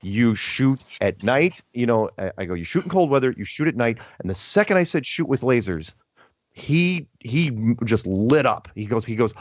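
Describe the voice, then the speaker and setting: A man chatting casually, telling an animated story that is full of restarts and quoted lines. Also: mid-range voice, normal speed, no room sound. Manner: animated storytelling, quoting others, many restarts. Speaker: podcast host. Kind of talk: casual chat. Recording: dull lo-fi audio.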